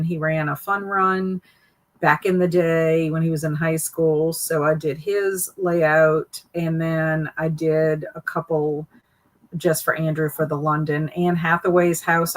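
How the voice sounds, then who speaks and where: Chatty Southern woman, lowish voice. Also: a bit bright, poor audio. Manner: chatty, friendly, greets viewers by name. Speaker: live stream host. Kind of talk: casual live stream chat, reading chat comments aloud.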